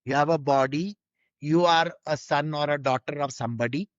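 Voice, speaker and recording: A man's voice: on the high side, fairly quick, no echo, dull audio. A man giving an informal spiritual teaching, conversational and full of rhetorical questions.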